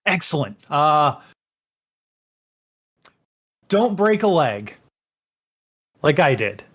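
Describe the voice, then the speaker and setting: A man narrating a tabletop game as game master, rambling and halting with many fillers. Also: a little high, sing-song, a bit bright, husky.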